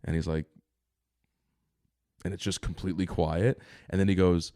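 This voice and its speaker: A young man co-hosting a podcast, telling stories in a rambling, animated way with lots of fillers. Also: sits low, normal speed, long pauses, clean tone, no room sound, studio quality. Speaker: podcast co-host. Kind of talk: casual chat.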